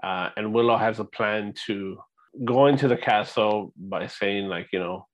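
A man co-hosting a casual movie rewatch podcast, walking through scenes one by one and often checking in with a quick "right?". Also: on the low side. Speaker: podcast co-host.

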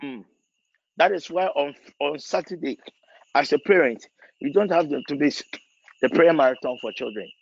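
A man leading a prophetic prayer session as pastor, pleading fervently and repeating phrases, rising to near shouts. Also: fairly high pitch, normal speed, vocal fry, long pauses, slightly rough, no echo, dull audio.

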